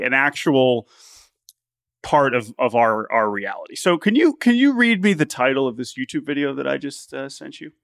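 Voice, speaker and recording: A man's voice: medium pitch, a bit bright, no echo, clean studio sound. A man co-hosting a podcast, talking in an enthusiastic, rambling way with many restarts. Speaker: podcast co-host. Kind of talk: casual podcast chat.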